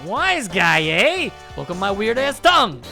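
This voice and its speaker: A man voicing a brash young tough-guy biker in a shaky Brooklyn accent, with loud, swaggering threats over game music. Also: high voice, sing-song, unhurried, creaky, exaggerated voice. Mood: threatening. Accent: attempted Brooklyn.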